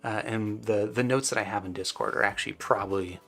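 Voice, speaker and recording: A man's voice: fairly low pitch, fairly even intonation, a little fast, fairly bright tone, faint music behind. Chatty man reading out live chat. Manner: loose, chatty, many fillers and restarts. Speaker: host answering live stream chat. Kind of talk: casual live stream Q&A.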